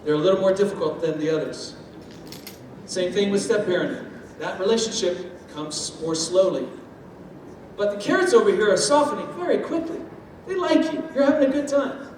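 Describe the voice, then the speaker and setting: Man, high voice, animated speaker on stage, heard from far off in a big hall. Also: moderate pace, a little hiss or hum. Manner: lively, uses homely food analogies and acted-out quotes. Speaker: speaker on step parenting. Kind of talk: talk with audience. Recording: echoey hall from far off, faint ambience.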